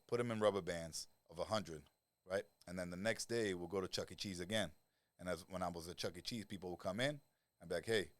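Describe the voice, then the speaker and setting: Blunt, profane man with a low voice. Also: dry recording. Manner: blunt, animated storyteller who swears freely and acts out quoted voices. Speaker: guest, lifestyle coach. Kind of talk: casual podcast conversation.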